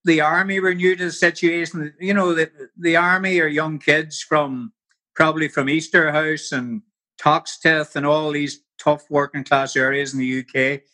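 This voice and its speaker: Bright-voiced older Northern Irish man. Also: on the high side, level tone, moderate pace. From Northern Ireland. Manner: rambling, full of "you know". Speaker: interview guest. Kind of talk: casual storytelling.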